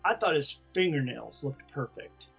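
A man's voice: on the high side, animated, moderate pace, gravelly, fairly bright tone, husky, soft background music. A man co-hosting a comics podcast, talking casually and rambling through his points. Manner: chatty, rambling with restarts. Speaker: podcast co-host. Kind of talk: casual chat about comics.

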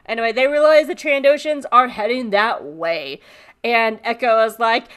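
A woman's voice: on the high side, moderate pace, a bit bright, clear, resonant tone. A woman co-hosting a podcast, playfully recapping an episode and laughing. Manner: playful, laughs, does character voices. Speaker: podcast co-host.

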